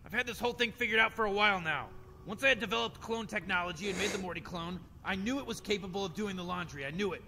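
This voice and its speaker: A man's voice: high voice, quick pace, sharp tone, long reverb tail, slight background noise, full character voice. An actor playing a smug, scheming old male mad scientist in a video game, explaining things in a rambling, offhand way. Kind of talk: video game character dialogue.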